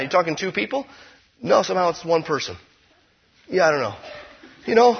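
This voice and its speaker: Husky pastor preaching conversationally. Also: male voice, high voice, animated, brisk, lo-fi sound. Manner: conversational preaching with playful asides and swings from loud to hushed. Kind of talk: sermon.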